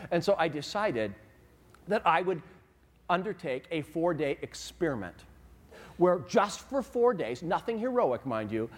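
A man preaching a sermon as a pastor, telling the story with animated asides and questions to the congregation. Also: a little high, slightly rough. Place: church sanctuary. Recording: long reverb of a large hall.

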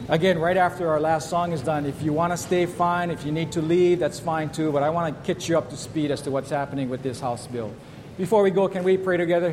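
A middle-aged male pastor preaches to his church, telling his stories with animated energy and acting out the voices in them. His voice sits a little high for a man. The sermon carries a long hall reverb over faint background ambience. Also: fairly quick, a little hiss or hum. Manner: animated storyteller, acts out shouts and kids' voices. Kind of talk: sermon with storytelling.

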